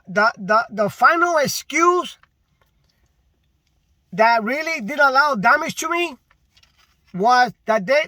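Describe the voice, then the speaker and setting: Man, very high voice, bright tone, slow deliberate rant, frustrated, repetitive. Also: no room sound. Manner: frustrated, repetitive, emphatic complaining. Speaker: delivery driver. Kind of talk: casual vlog rant.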